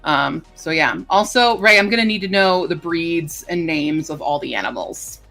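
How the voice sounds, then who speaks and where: A woman livestreamer chatting casually with her viewers, rambling and filling pauses with lots of ums and uhs. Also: low-pitched, expressive, creaky, bright, forceful tone, faint music behind. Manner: chatty and rambling, with many fillers. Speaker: livestreamer greeting chat. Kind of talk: casual live-stream chat.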